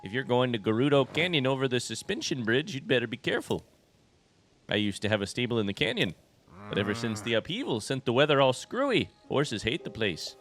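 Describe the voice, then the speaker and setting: A man's voice: mid-range voice, lively intonation, quick pace, few pauses, a bit bright, close to an everyday voice. A man voicing a chatty, friendly male stable keeper from a video game, reading his lines in a vague put-on accent. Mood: folksy.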